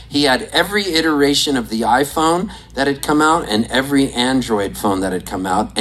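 A performer on stage telling a rambling, excitable story, often breaking into laughter. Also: medium pitch, a little hiss or hum, rough recording. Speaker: comedian and musician on stage. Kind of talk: stand-up storytelling. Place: on stage at a desert venue.

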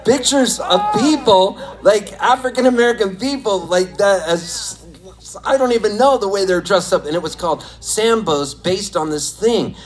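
Older guy in his 60s, kinda high voice, telling stories, laughs a lot, swears, super animated. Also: normal speed, poor audio. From Southern California. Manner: animated, laughing, profane anecdotes. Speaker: storyteller. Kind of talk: casual storytelling.

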